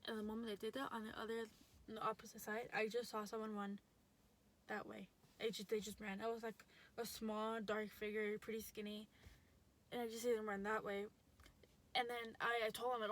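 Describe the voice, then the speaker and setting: A woman's voice: on the high side, flat delivery, a little fast. A young adult woman telling a story in a casual vlog, chatty and full of fillers and restarts. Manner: chatty, lots of likes and restarts. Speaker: vlogger.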